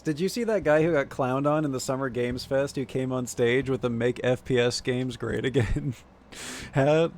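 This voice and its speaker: A man's voice: medium pitch, darkish tone, faint music behind. Swearing man streaming a game. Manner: reads game text aloud fast, swears and laughs. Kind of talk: casual gameplay commentary.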